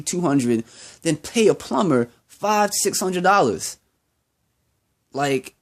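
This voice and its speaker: A young man ranting in a vlog monologue, profane and heated, repeating himself as he goes. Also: high voice. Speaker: vlogger.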